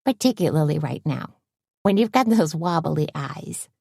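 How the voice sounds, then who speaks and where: A woman's voice: deep voice, animated, moderate pace, creaky, dark tone, breathy edge, no room sound, clean studio sound, full character voice. A woman reading an audiobook, voicing a brash, anxious woman who scolds her husband in a raised voice. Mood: exasperated. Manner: bossy, exasperated.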